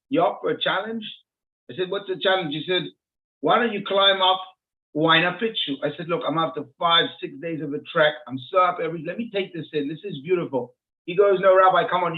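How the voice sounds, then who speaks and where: Middle-aged man, rabbi, animated storyteller, slightly high voice, phone-like sound. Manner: animated, acts out dialogue in his anecdote. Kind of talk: storytelling in an interview. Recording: tinny phone-like audio.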